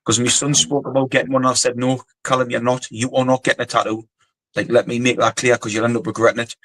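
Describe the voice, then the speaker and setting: A man's voice: mid-range voice, level tone, quick pace, fairly bright tone, dry recording, low-quality recording. A middle-aged man with a Geordie accent, a former soldier telling stories as a guest, blunt and rambling, swearing freely. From North East England. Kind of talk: casual storytelling interview.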